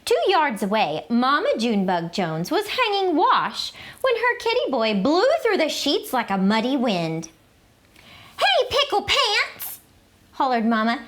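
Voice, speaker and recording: A woman's voice: on the high side, very animated, normal speed, few pauses, slight background noise. A woman teacher reading a children's picture book aloud, greeting young listeners and telling the story with animation.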